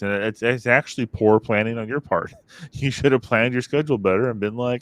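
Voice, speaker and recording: A man in his thirties, co-hosting a podcast from his basement home office, chats casually and rambles through family stories, his pitch jumping up whenever he acts out what people said. His fairly low voice moves fast and sounds close and dry on a studio microphone, with no room around it.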